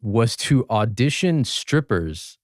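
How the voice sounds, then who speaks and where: A man in his twenties, a podcast guest, telling relaxed anecdotes full of fillers and restarts. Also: mid-range voice, slow pace, no room sound, studio quality. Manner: relaxed, anecdotal, many fillers and self-corrections. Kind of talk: casual storytelling chat.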